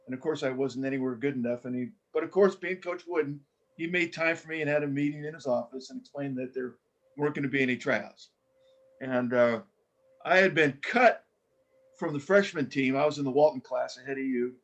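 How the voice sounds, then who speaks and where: An older man, a former coach, telling stories in a casual interview, animated and full of restarts. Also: mid-range voice, brisk, poor audio. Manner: animated storyteller with many restarts.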